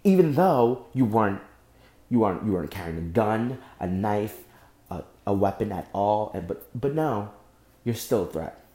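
A young man hosting a solo podcast, speaking angrily and with deep emotion, often breaking off and repeating himself. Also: sing-song, moderate pace, warm tone, reverberant. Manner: angry, emotional, repeats and restarts. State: emotionally shaken. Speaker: podcast host. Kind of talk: impassioned solo podcast monologue.

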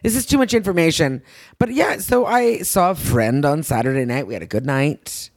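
A woman co-hosting a casual chat show, animated, laughing often and swearing freely. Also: low voice, normal speed, no echo. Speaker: podcast co-host.

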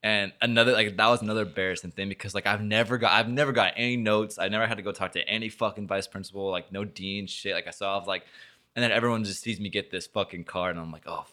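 A man's voice: on the low side, steady tone, fast, pushed and bright. A young man, a podcast host, telling a story in casual chat, rambling and swearing with lots of filler words. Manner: rambling, swears a lot, full of filler likes.

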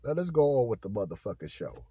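A man hosting a podcast, talking in loud, profane, fast back-and-forth banter. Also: mid-range voice, very animated, slightly rough, no room sound. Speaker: podcast host. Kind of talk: casual profane podcast chat.

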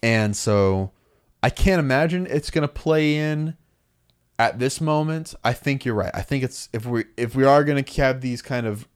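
A man's voice: medium pitch, normal speed, clean tone. A man co-hosting a podcast in casual chat, animatedly retelling a comic's plot and acting out the lines. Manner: animated storytelling, acting out dialogue. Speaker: podcast co-host recapping a comic.

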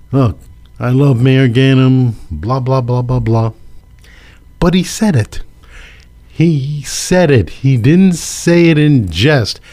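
A man's voice: medium pitch, darkish tone. A man giving a casual opinion monologue on local politics, emphatic and repetitive, with sarcastic asides.

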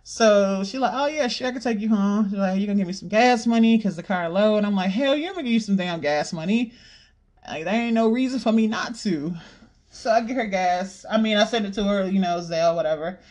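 Podcast host, casual storytelling, swears a lot, animated retelling, mid-pitched voice. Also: brisk. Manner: blunt, profanity-heavy, animated retelling.

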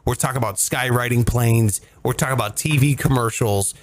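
A man's voice: medium pitch, brisk, slight background noise. A man from Ohio co-hosting a podcast, talking in a loose, profane, ranting way. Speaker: podcast co-host. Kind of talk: casual chat.

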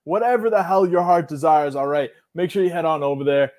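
A man with a notably high speaking voice, chatting on a podcast as a guest. He talks in a loud, hyped-up, bro-ish way, full of banter. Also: fairly quick. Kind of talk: casual podcast chat.

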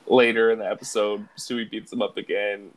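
A man's voice: fairly low pitch, little pitch movement, fairly quick, rough recording. A young man co-hosting a podcast, retelling scenes in a laid-back, casual way. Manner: laid-back storytelling with fillers. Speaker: podcast co-host. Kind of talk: casual chat.

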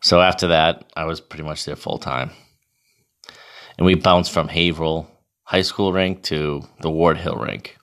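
A man in his thirties telling a casual, profane, animated story about himself. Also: a bass voice, a little slow. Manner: profane, animated, self-mocking.

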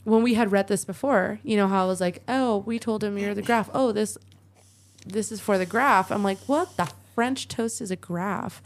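A woman's voice: mid-range voice, fairly even intonation, normal speed. A woman co-hosting a casual podcast, chatting and joking about a word she looked up. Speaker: podcast co-host. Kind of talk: casual chat.

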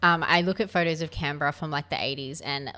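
A woman's voice: low-pitched, fast, bright, forceful tone. A woman co-hosting a podcast, chatting casually and gossiping about reality TV, laughing often. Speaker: podcast co-host. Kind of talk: casual chat.

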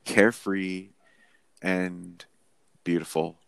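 Young guy w a real low gravelly voice, slow and lively, dry close mic. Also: no echo. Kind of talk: casual chat.

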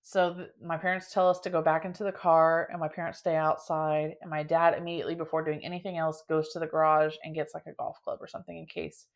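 A young adult woman from Indiana, hosting a podcast and telling a story in a dramatic, animated way, full of filler "like"s. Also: deep voice, fast talker, hardly any pauses. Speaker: podcast host. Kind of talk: casual storytelling.

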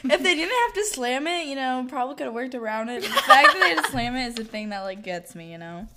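A woman's voice: high voice, big pitch swings, fast talker, very noisy. A young woman co-hosting a podcast, chatting casually, rambling with lots of fillers and giggles. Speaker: podcast co-host. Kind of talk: casual chat.

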